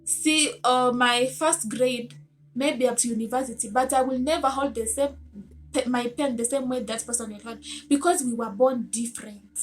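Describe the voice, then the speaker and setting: A woman's voice: on the high side, fairly even intonation, normal speed. A woman giving a motivational self-help talk to camera, earnest and coaxing, asking her listeners many rhetorical questions.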